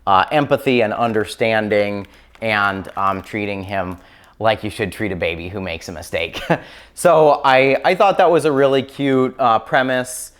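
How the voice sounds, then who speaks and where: A man's voice: fairly low pitch, a little slow, a bit bright, clear, resonant tone. A man casually reviewing children's picture books on camera, chatty and enthusiastic, with plenty of ums and likes. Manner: chatty, filler-heavy, enthusiastic. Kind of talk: casual book review chat.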